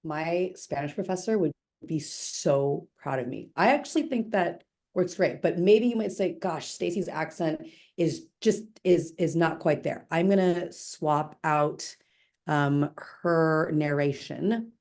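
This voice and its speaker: A woman walks viewers through a software demo on a video call. Her voice sits low and mellow. She talks in a chatty, upbeat way, with quick self-corrections. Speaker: webinar presenter demoing software. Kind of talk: live product demo.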